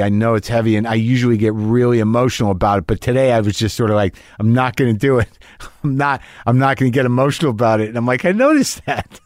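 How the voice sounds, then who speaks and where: A slightly high male voice hosts a casual podcast chat, rambling with many restarts and fillers, interrupting himself and laughing often. The sound is clean studio quality with no room sound.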